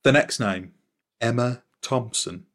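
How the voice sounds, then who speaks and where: A man's voice: mid-range voice, takes it slowly, a bit bright. A man in casual podcast chat, running a quiz with a dry, playful, teasing manner.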